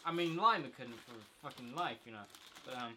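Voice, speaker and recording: A man's voice: mid-range voice, a little fast, pushed and bright, a little hiss or hum. A young man hosting a casual chat with friends, teasing and mock-offended. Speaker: host.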